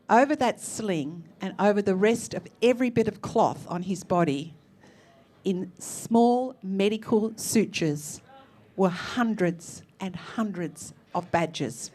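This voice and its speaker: An Australian woman telling a personal story on stage in a lively, expressive way, acting out the people she quotes. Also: medium pitch. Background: faint musical accompaniment.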